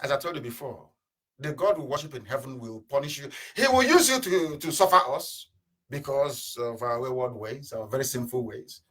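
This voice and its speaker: A man giving an impassioned political radio address, with rhetorical questions and sudden bursts of shouting. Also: medium pitch, sing-song, normal speed. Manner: fiery, rhetorical, mocking laughter, sudden shouts and drops. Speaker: radio broadcaster. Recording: live internet radio broadcast.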